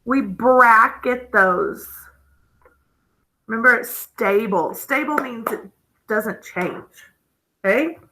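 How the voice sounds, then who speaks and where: A woman's voice: on the high side, bright, forceful tone, slight background noise, poor audio. A woman teaching a phonics lesson, patient and explaining step by step, checking in with the class often. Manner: slow, patient, checks in with "okay?".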